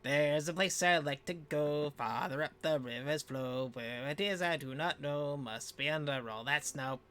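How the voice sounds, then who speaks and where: A man voicing an unseen figure who chants a rhyme in a slow sing-song. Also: a little high, a bit bright, clean tone. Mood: dreamy.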